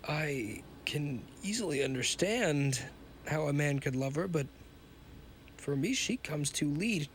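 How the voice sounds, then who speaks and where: A man reading as a soft-spoken nervous young hero. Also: a little high, expressive, a little slow, slight background noise. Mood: wistful. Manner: soft, hesitant.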